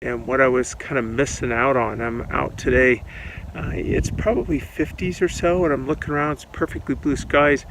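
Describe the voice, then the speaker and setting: A man with a gravelly, creaky voice talks candidly to camera, rambling and reflective with plenty of ums and uhs. He is outside, and the recording is noisy, with passing traffic and open-air ambience behind him. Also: medium pitch, fairly even intonation, moderate pace. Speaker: vlogger documenting a long fast. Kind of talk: candid personal vlog. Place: outdoors on a sunny walk. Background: outdoor ambience and passing vehicles.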